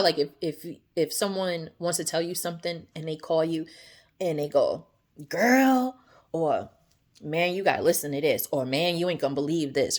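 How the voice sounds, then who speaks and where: A woman giving a casual devotional talk to her viewers, chatty and animated, often asking "right?" and acting out quoted voices. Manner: acts out quoted voices, often drops soft and low. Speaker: faith vlogger.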